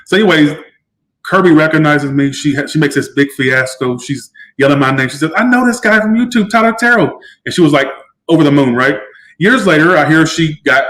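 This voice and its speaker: A man's voice: medium pitch, fairly bright tone, poor audio. A man giving a casual live-stream tarot reading, chatty and emotional, swearing freely. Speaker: tarot reader.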